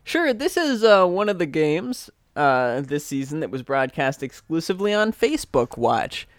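Smooth-voiced male podcast co-host. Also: a little high, very animated, normal speed, dry recording, studio quality. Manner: teasing, prompting questions. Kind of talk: casual chat.

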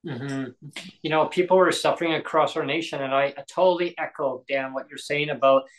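A man's voice: on the high side, steady tone, brisk, rough recording. A man hosting a podcast roundtable, speaking emphatically and pleading, repeating words for stress. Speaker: podcast host. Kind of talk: heated podcast discussion.

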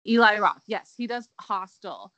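A woman's voice: mid-range voice, animated, a little slow, a bit bright, no echo, highs cut off. A young woman co-hosting a casual chat podcast, chatty and playful, filling her talk with "like". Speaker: podcast co-host.

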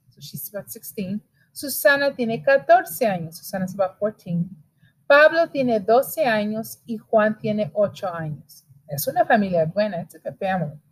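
A woman's voice: a little high, low-quality recording. A woman teacher reading a story aloud line by line and patiently explaining each line. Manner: patient, switching between reading and casual explaining. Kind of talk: reading a Spanish reader aloud with English explanations.

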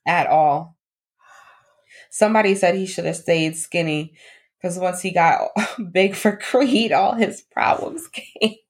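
A woman's voice: fairly low pitch, slow pace. Blunt joking woman co-host. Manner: blunt and joking, repeats her lines for emphasis. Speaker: podcast co-host. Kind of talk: casual chat.

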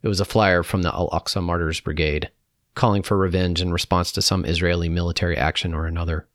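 A man with a deep, low voice reads a first-hand reflection in a calm, measured way. The recording is close and dry, with no room sound around him. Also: no echo. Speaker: narrator. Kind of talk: reading a personal reflection aloud.

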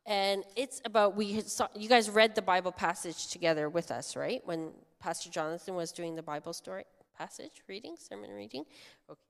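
A woman pastor giving a children's sermon, telling a story in an animated way and asking the children questions. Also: lowish voice, brisk. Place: church sanctuary. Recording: long church reverb.

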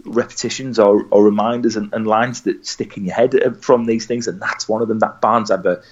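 Low-voiced chatty English man on a podcast. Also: fairly even intonation, a little fast, highs cut off. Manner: chatty, rambling, mocks adverts with put-on voices. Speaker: podcast co-host. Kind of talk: casual podcast chat.

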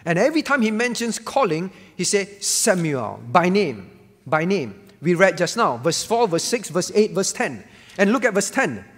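A man's voice: high-pitched, very animated, moderate pace, big-room sound. A man preaching a sermon as pastor, emphatic and repetitive, asking the congregation questions. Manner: emphatic, repeats key phrases, asks the congregation questions.

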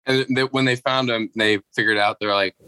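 A man's voice: on the low side, fairly even intonation, brisk, sharp tone, smooth, no echo. A man chatting casually on a podcast, dropping dry joking asides. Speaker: podcast co-host or guest.

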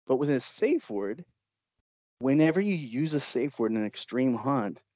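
A man's voice: medium pitch, no room sound. A man tells a story in an interview, laughing as he goes and slipping into other people's voices. The recording is muffled and lo-fi, with a dry, close sound. He talks like a filmmaker recounting a shoot. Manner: lively storyteller who laughs often and acts out quotes. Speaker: documentary filmmaker. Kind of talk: interview anecdote. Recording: dull, lo-fi sound.

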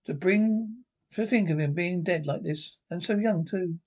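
A man's voice: sits high, a little slow, a little mellow. A man reading a sorrowful old butler. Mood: grieving. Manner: tearful, sorrowful. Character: grieving loyal old male butler.

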